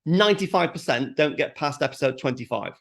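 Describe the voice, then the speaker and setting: A man's voice: on the high side, a little fast. A middle-aged man co-hosting a podcast, chatting casually and acting out little quotes as he makes his points. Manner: animated storytelling with acted quotes. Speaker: podcast co-host.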